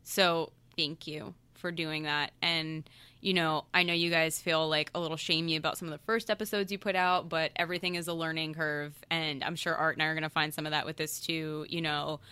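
A woman's voice: deep voice, little pitch movement, a little fast, bright, forceful tone, clean tone, no room sound. A woman who co-hosts a TV series, chatting casually with lots of "like" and frequent laughs. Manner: laughing, chatty, uses "like" a lot. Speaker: TV series co-host. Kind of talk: casual chat.

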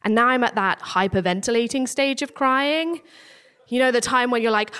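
A young woman, telling a candid, self-deprecating story about her own life and slowing down at the emotional moments. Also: fairly high pitch, lively intonation, bright, forceful tone, smooth. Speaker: PhD student. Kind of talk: first-person storytelling.

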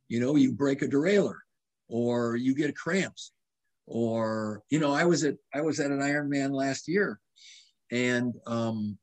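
A man in his seventies, a doctor being interviewed, telling animated stories in casual conversation. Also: mid-range voice. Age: 70s. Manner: animated storyteller, restarts and quotes himself. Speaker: guest doctor.

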